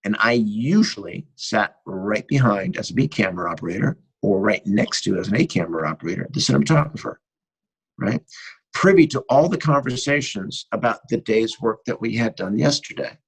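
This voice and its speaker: Husky-voiced American man telling stories. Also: lowish voice, brisk, low-quality recording. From United States. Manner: animated anecdotal storyteller who acts out dialogue. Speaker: guest cinematographer. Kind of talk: casual interview storytelling.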